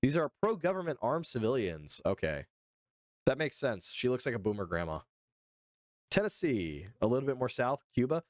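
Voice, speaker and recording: This Georgia man livestreams, casually reacting to news and trading jokes with viewers, playfully indignant and speaking straight to chat. His mid-range voice is very animated at a normal speed, with a darkish tone on a dry, studio-quality recording.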